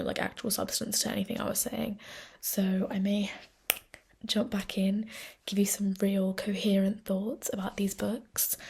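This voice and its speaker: A young woman in her twenties giving a hushed, self-deprecating voice-over in a whisper. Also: medium pitch, creaky, breathy edge. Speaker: vlogger.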